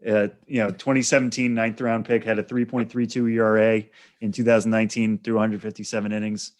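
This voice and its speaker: Guy cohosting a podcast, kinda low voice, explains things steady, says uh a lot. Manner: measured, explanatory with many fillers. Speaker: podcast co-host. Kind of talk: casual podcast chat.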